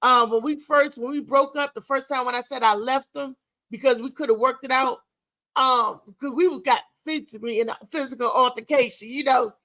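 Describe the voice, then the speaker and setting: A middle-aged woman talk show host with a high, bright voice tells a candid story with emphatic, animated energy. Her voice is close and dry, with no room sound. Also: moderate pace, no room sound, rough recording.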